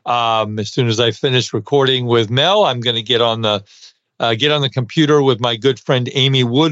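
A man's voice: mid-range voice, moderate pace, no room sound, lo-fi sound. A middle-aged man with a New York accent hosting a podcast, chatting casually with many fillers. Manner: chatty, many uh fillers, warm thank-yous. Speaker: podcast host, dental CPA.

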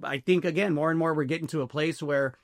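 Podcast guy talking earnest to the folks, kinda high voice, dry mic, trips over his words. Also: fairly even intonation, quick pace, vocal fry, no echo. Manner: earnest, addresses listeners as folks, stammering restarts. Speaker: podcast co-host. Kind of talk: casual podcast discussion.

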